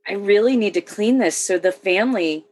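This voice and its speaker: A woman's voice: mid-range voice, normal speed, a little mellow. A woman veteran telling a war story matter-of-factly in casual conversation, with short laughs. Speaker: military veteran.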